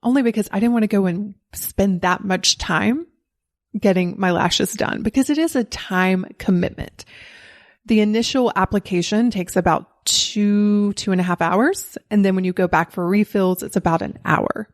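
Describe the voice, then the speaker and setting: A woman's voice: mid-range voice, normal speed. Candid encouraging woman podcast host. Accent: neutral American, faint Southern. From Southern United States. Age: 40s. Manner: candid and encouraging, laughs often. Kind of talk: solo podcast monologue.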